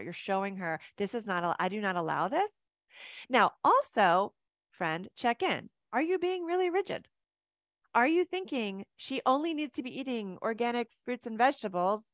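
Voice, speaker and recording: Woman, 50s, mindset coach; chatty, animated webinar delivery, dry close sound. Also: mid-range voice, dry recording. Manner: animated, chatty, laughs easily.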